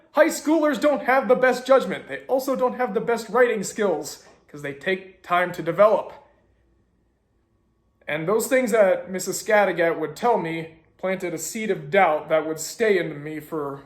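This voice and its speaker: A young man casually telling a story as a video host, animated with sarcastic asides. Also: high-pitched, reverberant.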